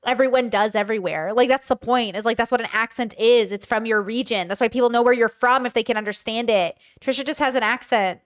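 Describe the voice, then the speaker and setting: A woman's voice: a little high, quick pace, hardly any pauses, no echo, clean studio sound. A woman from California with a Californian accent, co-hosting a casual podcast. She chats freely and peppers her speech with "bro" and "like". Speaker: podcast co-host.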